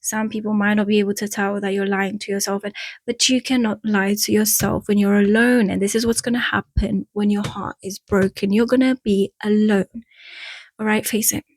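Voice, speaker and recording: With an Eastern European accent, a woman talks straight to the camera in a casual vlog, handing out frank, chatty breakup advice while wandering off topic and laughing at herself. Her medium-pitched voice stays level at a moderate pace, with no echo.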